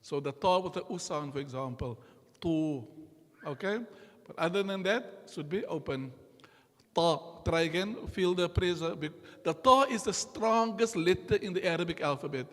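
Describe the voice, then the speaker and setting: A man teaching a class in a mosque, slow and patient, repeating each sound for his students to copy. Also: sits high, animated, a bit bright. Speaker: Qur'an recitation teacher. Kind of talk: classroom lesson. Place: mosque hall. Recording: long hall reverb.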